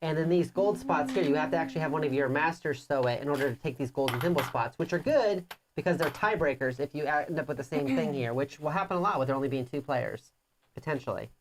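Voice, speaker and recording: Low-pitched lady co-hosting a board game stream, playful teasing, long rule explanations. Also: lively intonation, fast talker, background noise. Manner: teasing, explains rules at length. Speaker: board game show co-host. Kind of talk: casual live playthrough chat.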